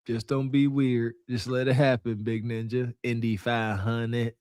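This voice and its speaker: A man's voice: mid-range voice, flat delivery, a little slow, a little mellow, clear, resonant tone, no room sound, clean studio sound. A man co-hosting a podcast, reacting to a clip with mocking, slangy commentary. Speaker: podcast co-host.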